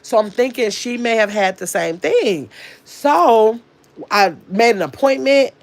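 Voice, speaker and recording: A woman's voice: a little high, animated, measured pace. A woman with a nasal voice, chatting to her livestream audience in a rambling, casual way. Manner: rambling, chatty storytelling with restarts. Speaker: live streamer.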